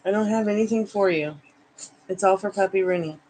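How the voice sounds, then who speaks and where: Woman host, home livestream, chatty, slips into soft baby talk for her pets, faint hum behind. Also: mid-range voice, fairly quick, rough recording. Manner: cooing baby talk to her dogs between chat replies. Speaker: livestream tarot reader. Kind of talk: casual livestream chat. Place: home, by the couch.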